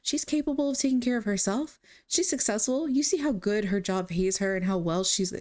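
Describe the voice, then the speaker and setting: A woman's voice: mid-range voice, brisk, lightly acted. A woman voicing a kind father who reassures and backs his grown daughter. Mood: reassuring. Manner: gentle, reassuring.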